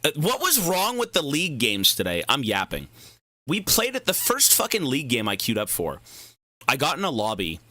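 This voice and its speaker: A young man streams a game and rambles through casual, profane tangents. His voice is very bright and swings widely in pitch. The sound is dry and close, with no room echo. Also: wildly swooping pitch, moderate pace. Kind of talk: casual livestream chat.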